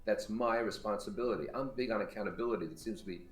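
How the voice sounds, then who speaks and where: Blunt fast-talking coach, man. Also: lowish voice. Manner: blunt, emphatic. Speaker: business coach. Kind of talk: interview clip. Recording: echoey room, mic far off.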